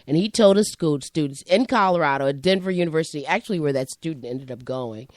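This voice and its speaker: A woman who works as a high school teacher, chatting and telling a classroom story in a rambling way and acting out the voices in her quotes. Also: fast, hardly any pauses, darkish tone, dry recording. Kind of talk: conversational storytelling.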